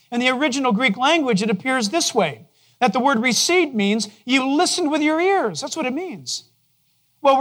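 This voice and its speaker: A man preaching a sermon to his congregation in a conversational way, asking them questions and dropping to a soft, low voice for gentle moments. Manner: drops to a soft, low voice to quote God gently. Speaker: pastor. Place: church.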